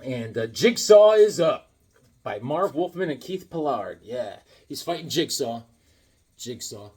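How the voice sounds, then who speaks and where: A middle-aged man chatting casually as he shows off his comic books, telling stories in a lively way and laughing often. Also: mid-range voice, unhurried, slightly rough. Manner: animated storyteller, laughs often, acts out voices. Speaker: comic book collector vlogger. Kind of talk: casual chat showing comics.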